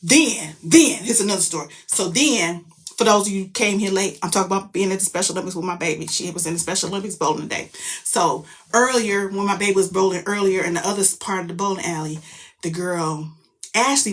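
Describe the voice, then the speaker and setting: A middle-aged woman tells a story about her daughter in a loud, profane, emphatic, animated way. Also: mid-range voice. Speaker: mother telling a story. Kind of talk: casual storytelling vlog.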